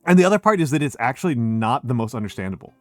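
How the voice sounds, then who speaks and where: A man's voice: medium pitch, very animated, rapid-fire, no echo, faint music behind. Chatty man in General American accent. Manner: chatty, restarts often, lectures on history. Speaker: streamer host. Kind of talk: casual chat.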